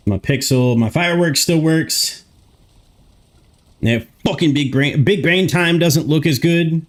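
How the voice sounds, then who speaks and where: A man's voice: on the high side, measured pace. A young man live streaming from a room in his home, chatting casually, grumbling to himself and swearing often.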